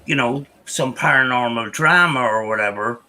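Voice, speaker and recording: Podcast host, man, very bright and forceful voice, rambles through anecdotes with constant restarts. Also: mid-range voice, normal speed, poor audio. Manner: rambling, many restarts and "I says". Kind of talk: casual storytelling chat.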